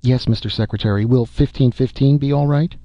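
A man voicing a loyal, efficient female secretary, speaking crisply and deferentially, in a dull recording. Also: mid-range voice, brisk, no room sound, lightly acted. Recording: dull muffled audio.

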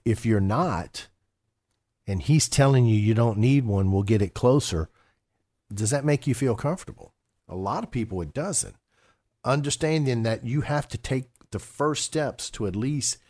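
A man's voice: fairly low pitch, a little mellow, no room sound, clean studio sound. A man co-hosting a retirement-planning radio show as a financial advisor, talking casually with many restarts and fillers.

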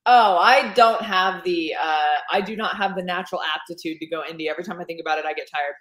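A woman's voice: fairly low pitch, fast, a bit bright, echoey room. A woman author chatting in an interview, rambling with lots of fillers and restarts. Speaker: romance author. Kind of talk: casual interview chat.

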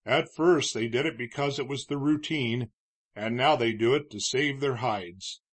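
A man's voice: mid-range voice, measured pace, slightly rough. A man reading a worried old judge. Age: older. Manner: earnest, pleading. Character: elderly male town judge, worried and shrewd.

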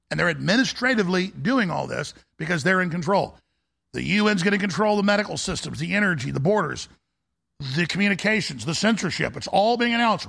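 Gravelly, high-voiced ranting male host. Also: animated, brisk. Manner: intense, forceful, conspiratorial. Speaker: talk show host. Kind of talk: ranting monologue.

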